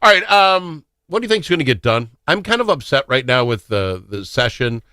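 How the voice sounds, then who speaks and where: Lively, bright-voiced male radio host. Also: mid-range voice, normal speed, smooth, no room sound, studio quality. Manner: teasing, opinionated. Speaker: radio talk show host. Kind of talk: casual radio talk.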